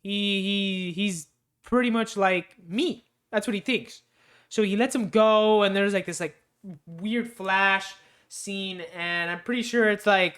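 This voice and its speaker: Smooth-voiced, rambling casual movie reviewer. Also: medium pitch, measured pace, a bit bright. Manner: rambling, loose and unscripted, with many fillers, restarts and swearing. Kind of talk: casual spoiler-filled film recap.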